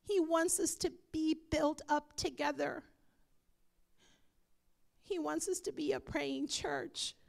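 A woman's voice: high voice, fairly even intonation, slow, vocal fry, long pauses. A woman pastor preaching a sermon and leading prayer with fervent feeling, dropping now and then into whispered pleas. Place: church.

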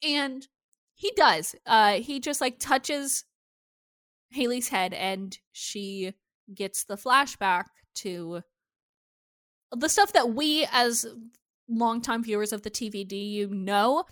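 Woman podcast co-host, slightly high voice, casual and profane, dry recording. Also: slow pace, fairly bright tone, dry recording. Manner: chatty, swears freely, acts out quotes. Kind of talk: casual TV recap chat.

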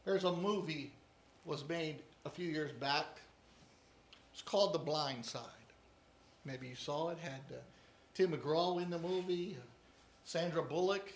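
A man's voice: a little high, unhurried, long pauses, a little hiss or hum. A man preaching a sermon as pastor, emphatic and fond of repeating key phrases. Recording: echoey room.

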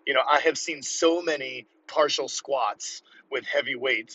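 A man in his fifties talking casually about strength training while driving to work, fast and rambling, highly caffeinated. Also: bright, forceful tone, husky, highs cut off. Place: car on the way to work.

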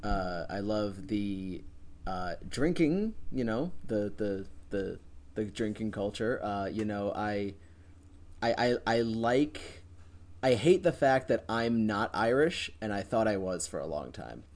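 A man's voice: lowish voice, animated, slow, darkish tone. A man co-hosting a podcast in casual chat, joking and hesitating with trailing fillers. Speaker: podcast co-host.

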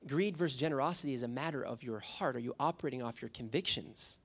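A man's voice: medium pitch, fast, few pauses, breathy edge. A young adult man preaching a sermon as a youth pastor, telling stories with acted-out quotes. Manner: storytelling, animated with acted quotes.

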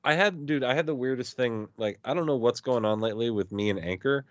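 A man co-hosting a podcast in casual chat, telling stories in a joking, animated way. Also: medium pitch, quick pace, dry recording, dull audio. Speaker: podcast co-host.

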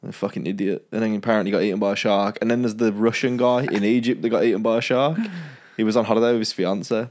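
A man's voice: on the low side, fairly even intonation, fast, darkish tone. A young man co-hosting a casual comedy podcast, chatting, swearing and laughing often. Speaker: podcast co-host. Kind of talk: casual banter.

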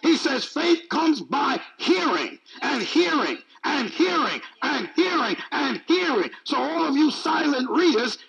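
A man delivers a sermon in a high voice that leaps up and down. His tone is gravelly and a bit husky. He repeats phrases for emphasis and slips in teasing humor. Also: big pitch swings, a little slow, few pauses, bright, forceful tone, poor audio. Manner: emphatic, repetitive, joking preaching. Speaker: preacher.

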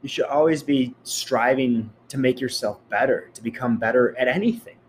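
A man's voice: medium pitch, normal speed, a little hiss or hum. A man giving a blunt, profane motivational rant, speaking straight to his listeners.

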